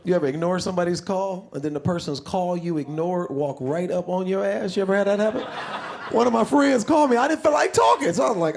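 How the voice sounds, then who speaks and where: A middle-aged male comedian doing a loud, animated stand-up set on a club stage, shouting punchlines. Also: high-pitched, quick pace, gravelly. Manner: loud, animated delivery with frequent laughs and shouts. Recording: live club with crowd and noise.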